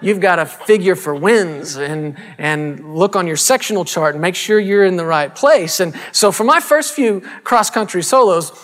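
A male minister telling a personal story as a sermon testimony, animated and self-deprecating, chuckling as he goes. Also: high voice, moderate pace, few pauses, big-room sound.

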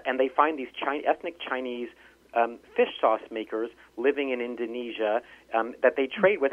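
A man, an author and linguist, storytelling in a phone-in interview with many restarts. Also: medium pitch. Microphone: telephone. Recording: tinny phone line.

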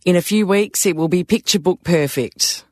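A man's voice: high voice, normal speed, a little mellow, no echo, clean studio sound, natural voice. A man voicing a friendly, easygoing gardener with an Australian accent. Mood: cheerful.

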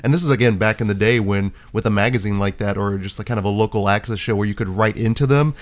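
Quick-talking male interviewer, low voice. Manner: quick, agreeable, interjects short affirmations. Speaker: interview host. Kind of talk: casual interview chat.

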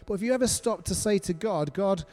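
A man's voice: high voice, animated, quick pace, a little mellow. A middle-aged man preaching a sermon, earnest and repetitive, putting questions to the congregation.

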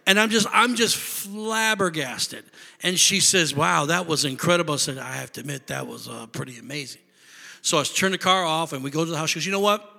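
A man preaching a sermon, telling a story in an animated way, swinging from quiet asides to loud praise. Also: on the high side, in a large hall. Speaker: pastor.

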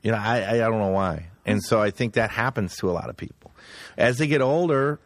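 A man's voice: fairly low pitch, fairly quick, no echo. A man chatting casually, laughing through his stories and putting on voices to quote old comedies, swearing freely. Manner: laughing storyteller, quotes movie lines in put-on voices. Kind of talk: casual chat.

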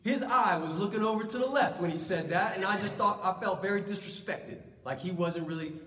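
A man's voice: high voice, a little fast, a bit bright. A man voicing an offended churchgoer complaining in an aggrieved, whiny tone. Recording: echoey hall, distant mic, faint ambience.

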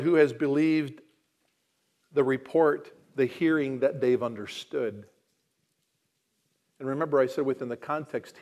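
Man, pastor, sermon, emphatic and rising, then dropping quiet, rhetorical questions, mid-pitched voice.

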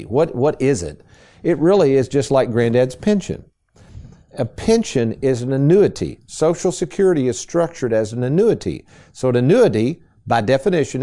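A male radio host with a mellow, warm tone and a lively voice that rises and falls as he talks. He explains in a folksy, conversational way, quizzing his co-host and leaning hard on the words he wants to stress. He is on a studio talk show. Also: medium pitch. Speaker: retirement planning radio host.

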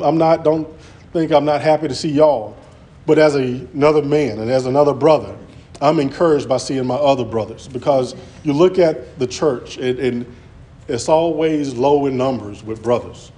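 A man's voice: fairly high pitch, warm tone. A man preaching an earnest sermon, often restarting his words as he presses his points. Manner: earnest, repetitive, stammering restarts.

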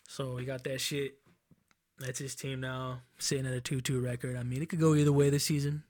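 A young man runs down football standings in a loose, rambling, profane way, often stopping to correct himself. His voice sits at an ordinary middle pitch. The sound is dry and close, with no room ring. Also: level tone, a little fast, darkish tone, no echo. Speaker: podcast host. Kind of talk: casual sports chat. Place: Enumclaw, Washington.

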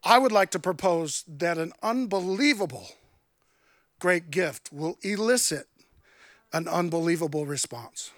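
A man in his thirties preaching a sermon, telling a personal story with animated delivery and acted-out dialogue. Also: fairly high pitch, a little slow, no echo. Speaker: pastor.

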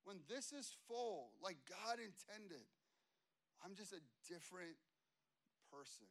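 A male pastor preaches in a high, bright voice, telling stories in a loose, chatty way. He goes quiet and slow for reflective stretches, then gets loud and animated in the anecdotes. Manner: conversational, story-driven preaching with frequent "you know what I mean" asides; swings from hushed, slow passages to loud, animated storytelling. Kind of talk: sermon.

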